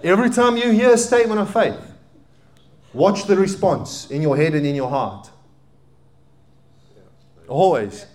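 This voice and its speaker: Animated preaching man in his thirties. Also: high voice, measured pace, pauses often. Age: 30s. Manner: animated preaching, swings from loud emphatic peaks to quiet asides. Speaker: pastor. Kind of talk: sermon.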